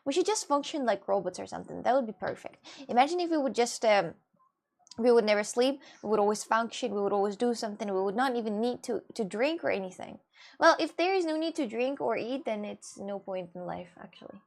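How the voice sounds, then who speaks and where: High-voiced woman chatting to viewers. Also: expressive, a little fast, vocal fry, darkish tone. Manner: rambling, restarts, swings into mock outbursts. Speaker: live streamer. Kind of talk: casual chat with viewers.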